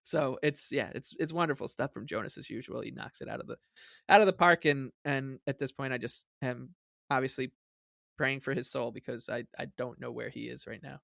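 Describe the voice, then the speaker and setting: A man co-hosts a sports podcast, dropping dry, sarcastic remarks between hesitant restarts. His voice sits at a middle pitch with a bright edge. The recording is close and dry. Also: fairly even intonation, a little fast, creaky, dry recording. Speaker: podcast co-host. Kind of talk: casual sports podcast chat.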